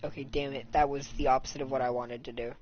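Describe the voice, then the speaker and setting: A man streaming a video game live, talking in a low-energy, fairly monotone way and swearing casually. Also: quick pace, a little hiss or hum. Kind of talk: casual live gameplay commentary. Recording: muffled lo-fi mic.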